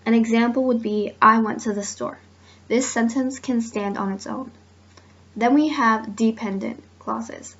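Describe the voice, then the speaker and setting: Unhurried and fairly high-pitched, a woman student reads her grammar presentation for class. She keeps a steady delivery, reading spoken examples aloud, on a dull lo-fi recording.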